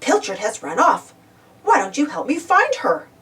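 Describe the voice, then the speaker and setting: A woman's voice: high-pitched, huge pitch swings, moderate pace, a bit bright, distant mic, heavily acted. A woman voicing a kind, reassuring man who leads a building crew, a little away from the mic. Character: kind, calm adult male builder in charge.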